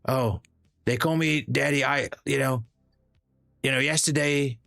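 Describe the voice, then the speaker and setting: A man's voice: medium pitch, a little slow, creaky, fairly bright tone, dry recording, studio quality, faint music behind, pitched above the performer's own voice. A man doing a comic impression of a boastful male president, rambling and repeating big superlatives.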